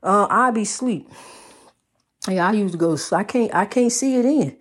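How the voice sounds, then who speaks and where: A woman's voice: medium pitch, moderate pace, slightly rough. A woman giving a rhythmic, preachy monologue, repeating her phrases and calling the listener honey. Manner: lively, swings between loud and soft.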